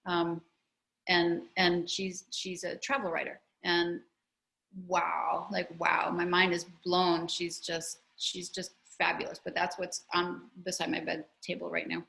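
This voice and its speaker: A woman's voice: fairly low pitch, monotone, measured pace, gravelly, bright, forceful tone, rough recording. A woman author chatting about her memoir in a video-call interview, telling stories animatedly with lots of restarts and asides.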